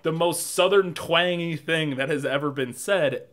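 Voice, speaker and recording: A young man co-hosting a casual movie review podcast, animated and swearing, often laughing as he talks. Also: on the high side, measured pace, soft background music. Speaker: podcast co-host.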